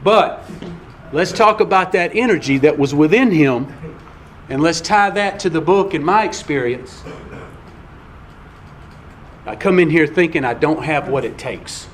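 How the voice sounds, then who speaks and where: A man's voice: on the high side, a little slow, long pauses, a little hiss or hum. A man giving a personal share at a recovery meeting in a folksy, conversational storytelling way.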